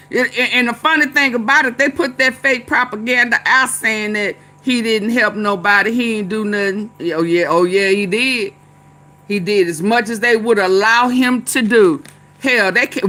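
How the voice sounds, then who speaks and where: A woman's voice: on the high side, sharp tone. A woman vlogger giving casual, chatty political commentary, laughing often and chanting refrains.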